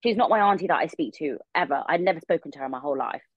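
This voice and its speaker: A woman's voice: low voice, animated, racing, breathy edge, no room sound, highs cut off. A young woman, a podcast guest in her room, telling a story casually and rambling with many filler words.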